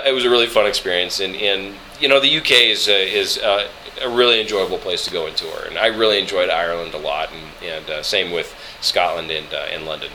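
Man, voice actor, chatty interview guest, bright lowish voice, faint hiss. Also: low-quality recording. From Colorado, US. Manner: chatty, halting with many fillers and restarts. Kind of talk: relaxed interview chat, storytelling.

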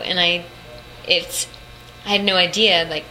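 A woman's voice: fairly low pitch, fairly even intonation, measured pace, long pauses, sharp tone. Young female voice actress, rambling interview chat, noisy background hum. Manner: chatty, rambling, laughs often. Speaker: voice actress guest. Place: hotel room at a convention. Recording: noisy room ambience.

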